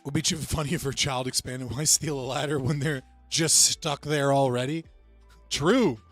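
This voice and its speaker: A man's voice: medium pitch, fairly even intonation, moderate pace, faint music behind. A man hosting a livestream, reacting to clips with heated, sarcastic, profane commentary. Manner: heated, sarcastic, swears often.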